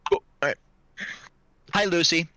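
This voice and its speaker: A man running a tabletop game as game master, casual and excitable, swearing freely. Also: a little high, measured pace, dry recording.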